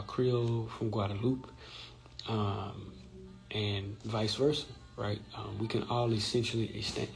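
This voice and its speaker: Guy on a live stream, low gravelly voice, explains things and keeps asking right?. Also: poor audio. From Louisiana. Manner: explanatory, often checks in with "right?". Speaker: host. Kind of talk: informal live-stream talk. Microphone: phone or computer mic on a social-media live stream.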